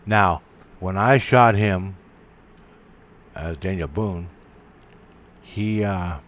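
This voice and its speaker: A low-pitched man recounting a story in a loose, profane monologue. He stops and restarts his sentences often, with a faint hiss of background noise behind him. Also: extremely slow, a bit bright. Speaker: vlogger.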